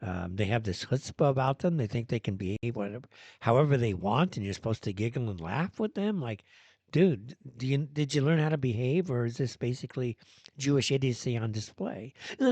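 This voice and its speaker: A man's voice: medium pitch, animated, brisk, a little mellow, dry recording. A man hosting a solo live-stream commentary show, ranting and sarcastic, with many fillers and restarts. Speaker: host.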